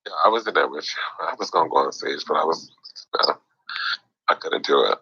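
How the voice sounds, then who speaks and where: A man's voice: very deep voice, fairly quick, pushed and bright, slightly rough. A man moderating a casual online group chat, chatty and teasing, laughing often. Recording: lo-fi app audio.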